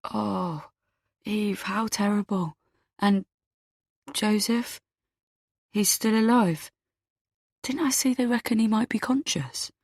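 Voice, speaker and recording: A woman voicing a kind young man, speaking softly and sympathetically. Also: medium pitch, unhurried, dry recording, studio quality, close to an everyday voice. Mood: soft, sympathetic.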